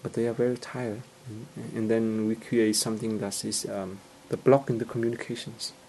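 A man giving an informal teaching talk in halting English, full of fillers and restarts, growing animated as he acts out everyday scenes. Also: on the low side, a little hiss or hum, rough recording. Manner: gets animated and laughs when acting out scenes.

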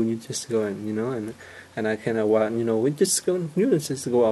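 A man giving an informal teaching talk in halting English, full of fillers and restarts, growing animated as he acts out everyday scenes. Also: medium pitch, slightly rough, poor audio. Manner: gets animated and laughs when acting out scenes.

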